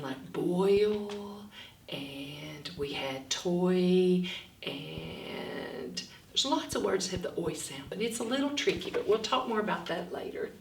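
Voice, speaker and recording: Slow, encouraging woman teaching phonics. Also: mid-range voice, distant mic. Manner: encouraging, slow and drawn-out on letter sounds. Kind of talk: children's phonics lesson. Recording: echoey room, voice away from the mic.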